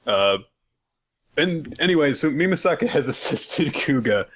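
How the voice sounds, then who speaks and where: A man's voice: a little high, big pitch swings, a little slow, fairly bright tone. A man co-hosting a casual manga recap chat, joking and laughing as he acts out scenes. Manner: laughing, jokey, acts out quotes. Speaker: podcast co-host.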